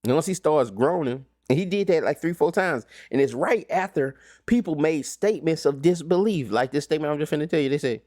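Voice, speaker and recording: Animated man recapping a Bible lesson. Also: on the high side, normal speed, no echo, studio quality. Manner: conversational, rhetorical questions, slangy. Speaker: Bible class teacher. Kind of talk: informal Bible study recap.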